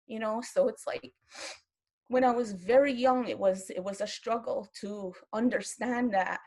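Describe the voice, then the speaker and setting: A woman's voice: a little high, a little slow, darkish tone. An older woman, a grandmother, speaking earnestly on an online round-table video call, with many restarts and moments where her feelings show. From Kahnawake, Quebec.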